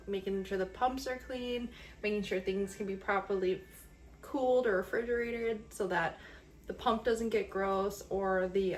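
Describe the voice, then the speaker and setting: A woman's voice: mid-range voice, slight background noise. A young adult woman vlogging casually to camera, talking in a chatty, candid, sentimental way and leaning on lots of fillers. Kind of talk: casual vlog talk to camera.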